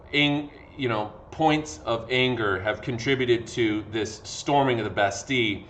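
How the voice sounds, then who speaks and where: A man's voice: medium pitch, a bit bright, slight background noise. A man, a history teacher giving a casual lecture over a video lesson, tired from talking, with lots of fillers and acted-out quotes. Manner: conversational, acts out quotes with fillers. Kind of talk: classroom lecture.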